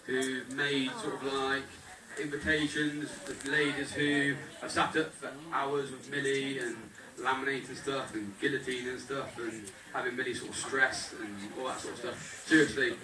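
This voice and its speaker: A man's voice: medium pitch, little pitch movement, normal speed, hardly any pauses. A young man giving a jokey, thankful groom's speech at his wedding and talking straight to the guests. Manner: jokey, thankful, addresses the crowd directly. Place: wedding reception hall. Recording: echoey hall, mic far off, loud crowd. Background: guests laughing and chattering.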